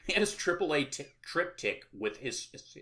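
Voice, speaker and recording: A man hosting a podcast recaps a film plot in casual, rambling chat full of filler sounds and sarcastic asides. His voice is fairly high and sharp, with big pitch swings, at a normal speed.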